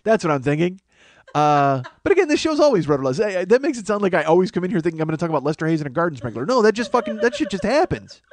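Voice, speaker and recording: A man's voice: high-pitched, sing-song, very fast, dry recording. A man hosting a comedy podcast alone, rambling in a self-mocking way, losing his train of thought and sounding tired from lack of sleep. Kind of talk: rambling solo comedy monologue.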